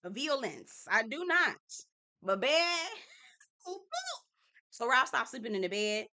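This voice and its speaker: A young woman chats through a reality TV recap. Her voice sits a bit high and sounds bright. She is animated and expressive, acting out quotes with lots of laughter. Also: takes it slowly, slight background noise. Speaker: TV recap host.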